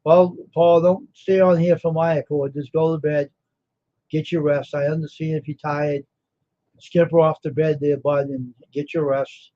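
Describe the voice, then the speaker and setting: A man hosting a casual livestream, tired and yawning but sure of himself. His voice sits a little high, and he rambles as he talks to viewers by name. The audio is dull and lo-fi. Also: level tone, measured pace. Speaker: livestream host, screen printer.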